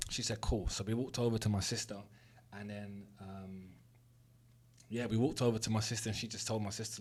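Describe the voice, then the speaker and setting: A man's voice: lowish voice, steady tone, fairly quick, darkish tone. A young man with a London accent, telling a personal story as a motivational monologue, candid and earnest, with plenty of swearing. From South West London. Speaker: host.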